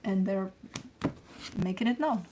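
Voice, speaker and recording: Casual woman tarot reader, mid-pitched, slangy and chatty, repeats her advice. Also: lively intonation, unhurried, heavy background noise. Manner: chatty and loose, with slang and the odd curse; coaching and reassuring, repeats herself for emphasis. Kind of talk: casual spoken tarot reading.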